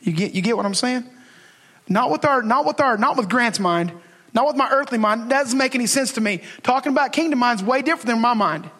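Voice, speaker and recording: A man's voice: extremely high pitch, lively intonation, fairly quick, a bit bright. A man preaching a casual, emphatic sermon as pastor, talking to the congregation and acting out his prayers to God. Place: church sanctuary. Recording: long reverb of a church hall.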